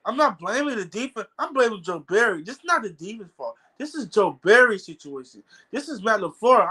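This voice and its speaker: A man's voice: extremely high pitch, sharp tone, low-quality recording. A man ranting angrily as a football fan on his own video channel, cursing and stammering over his words. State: angry. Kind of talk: heated fan rant vlog.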